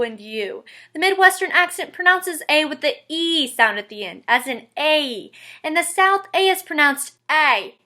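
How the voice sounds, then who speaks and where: A woman's voice: high voice, sharp tone. A woman hosting a scripted, tongue-in-cheek tutorial in a playful, upbeat way. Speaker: tutorial host.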